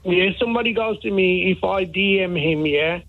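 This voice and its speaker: A man's voice: high voice, normal speed. A man calling a radio phone-in, rambling on in a friendly, chatty way. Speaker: caller. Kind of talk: phone-in call. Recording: tinny phone line.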